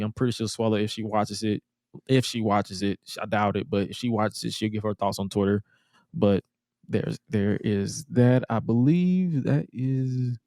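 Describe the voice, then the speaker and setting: A man's voice: medium pitch, mellow, dry recording, studio quality. A young man co-hosting a wrestling podcast in loose casual chat, slangy and given to repeating himself. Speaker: podcast co-host.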